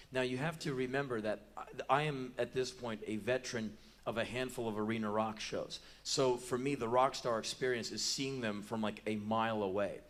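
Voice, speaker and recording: Pria pencerita panggung yang ekspresif. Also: male voice, mid-range voice. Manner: animated, bursts into loud yelps and acted quotes. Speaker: spoken word performer. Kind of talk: live spoken word storytelling. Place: large theater stage before a live audience.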